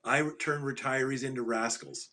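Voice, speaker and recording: A middle-aged man's medium-pitched voice sounds pushed and bright, holding a steady tone at normal speed. Guesting on an interview podcast as a financial advisor, he tells animated, emphatic stories, repeats his punchlines, and laughs at his own jokes.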